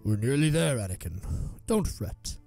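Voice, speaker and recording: A man voicing a calm, wise male Jedi master, speaking gently. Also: mid-range voice, moderate pace, vocal fry, soft background music.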